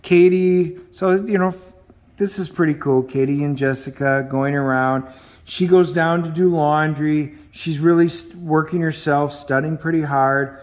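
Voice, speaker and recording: A man's voice: on the high side, steady tone, a little slow. A middle-aged man reviewing a comic book in a casual, chatty way, with frequent ums and acted-out bits of dialogue.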